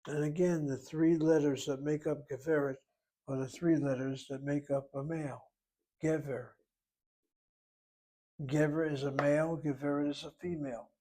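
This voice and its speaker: Male grammar teacher, husky voice, patient step-by-step explainer. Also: fairly high pitch, flat delivery, brisk, warm tone. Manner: methodical, explains word by word and letter by letter. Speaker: Hebrew teacher. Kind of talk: grammar lesson.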